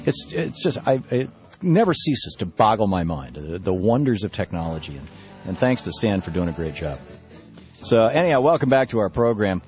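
A man hosting a political talk radio show from a studio, speaking in an animated, indignant way with many restarts. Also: fairly low pitch, moderate pace, soft background music. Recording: dull, slightly lo-fi radio broadcast.

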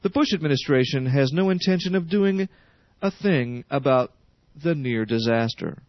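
A man's voice: mid-range voice, animated, moderate pace, no echo. A man reading the radio news with sardonic editorial asides. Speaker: news reader. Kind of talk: radio newscast. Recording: dry, dull radio studio.

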